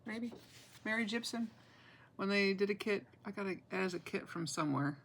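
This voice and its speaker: A woman's voice: medium pitch, moderate pace, a little hiss or hum, rough recording. A woman, chatting casually and self-deprecatingly as she shows her cross-stitch projects, laughing often. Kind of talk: casual show-and-tell chat.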